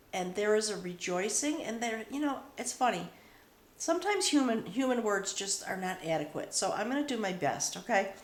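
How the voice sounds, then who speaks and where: A woman giving a spiritual tarot reading, speaking slowly and reverently, often overcome with emotion. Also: medium pitch. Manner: slow, emotional, reverent, with pauses. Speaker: tarot reader. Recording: roomy echo.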